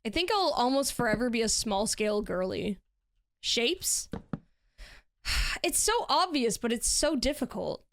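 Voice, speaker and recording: A woman's voice: on the high side, very animated, unhurried, long pauses, a bit bright. A woman streaming and chatting casually while she builds in a game, laughing often.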